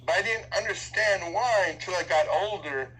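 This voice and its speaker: Bright-voiced older man telling stories. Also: sits high, moderate pace, slight background noise, low-quality recording. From Seattle. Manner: reflective storyteller, laughs easily. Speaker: radio DJ guest. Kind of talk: casual radio interview.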